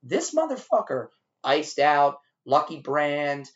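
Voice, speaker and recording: A man on a podcast telling a rowdy restaurant story, animated and profane, acting out the shouting. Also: a little high, takes it slowly, dull audio. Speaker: podcast co-host. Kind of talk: casual storytelling over drinks.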